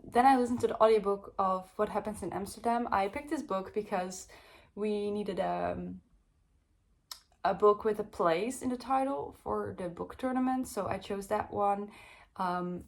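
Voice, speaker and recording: A woman's voice: medium pitch, unhurried, creaky. Young woman rambling about books, casual chatty vibe, lots of um and like. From Netherlands. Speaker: book reviewer. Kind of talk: casual book review chat.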